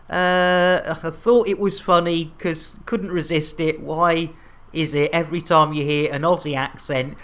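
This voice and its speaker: A woman from the UK streaming a game, chatting playfully and greeting viewers by name. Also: lowish voice. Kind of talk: casual live-stream chat.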